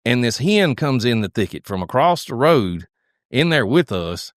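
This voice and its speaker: Male co-host, relaxed studio storyteller with a mid-range voice and a close, dry mic. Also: medium pitch, normal speed, dry recording. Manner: animated, drawling hunting story with restarts. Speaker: podcast co-host. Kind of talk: casual storytelling. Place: podcast studio at a table.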